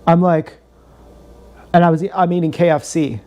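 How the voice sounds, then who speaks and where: A man's voice: a little high, steady tone, normal speed, a little mellow. Rambling, profane young man streaming. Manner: meandering, profane, joking, repeats himself. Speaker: livestreamer. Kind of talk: rambling livestream storytelling.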